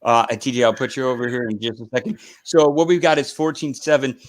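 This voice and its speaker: A man's voice: mid-range voice, a little fast, dry recording, poor audio. A man hosting a casual live stream, chatting in a rambling way with lots of fillers and restarts. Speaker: host.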